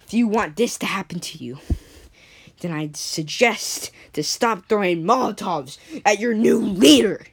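A woman voicing a menacing male alien enforcer, speaking in slow threats close to her own voice. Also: medium pitch, lively intonation, vocal fry, husky, exaggerated voice. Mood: threatening.

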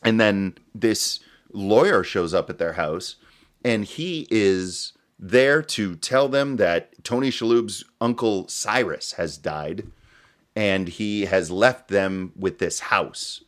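A man's voice: lowish voice, slow pace. A man co-hosting a podcast, chatting casually about a movie, laughing often and acting out scenes. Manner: animated, laughs often, acts out quotes from scenes. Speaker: podcast co-host reviewing a film. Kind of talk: casual chat.

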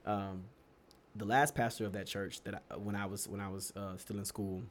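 A young man from Texas telling stories in a casual chat, animated and laughing often, his pitch leaping up for emphasis. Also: moderate pace. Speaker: podcast co-host.

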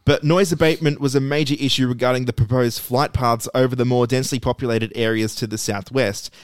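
Man, casual podcast explainer, middle pitch, repeats and restarts words, dry close mic. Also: fairly even intonation, brisk, smooth, dry recording. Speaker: podcast co-host presenting a segment.

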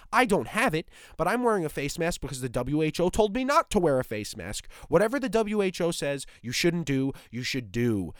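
A young man delivers an exasperated, profanity-laced rant as a podcast host. His voice sits a little high and swings widely up and down as he gets worked up. The recording is close and dry, with no room sound. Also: no echo. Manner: animated, profane, exasperated ranting. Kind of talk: ranting monologue.

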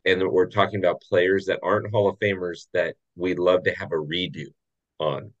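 A man hosting a relaxed podcast, his voice sitting on the low side. He jokes and laughs readily, keeping the tone friendly and loose. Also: moderate pace, highs cut off. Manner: friendly, jokey, laughs often. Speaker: podcast host. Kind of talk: casual podcast chat.

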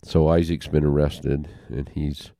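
Speaking haltingly but from the heart, an older man being interviewed recounts something personal at an unhurried pace, with pauses and restarts. His very deep, gravelly voice is flat and dark, captured close and dry without echo.

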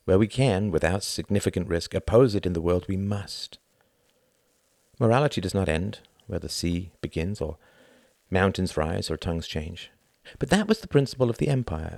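A sorrowful ambassador speaks quietly and gravely, as a man reading the book puts him on. His voice is very deep and gravelly, and the sound is dry and close. The pace is measured and reflective. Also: lively intonation, no room sound. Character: older male British ambassador, sorrowful, reflective.

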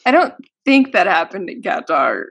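A woman's voice: mid-range voice, sing-song, normal speed, gravelly, fairly bright tone, breathy edge. A young woman hosting a podcast, chatting casually with giggly, teasing enthusiasm. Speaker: podcast host. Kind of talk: casual chat.

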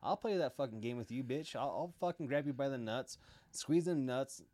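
A middle-aged man, a podcast guest, telling rough stories in a blunt, boastful way with heavy swearing. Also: mid-range voice, expressive, normal speed, dark tone, no echo. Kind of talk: casual storytelling.

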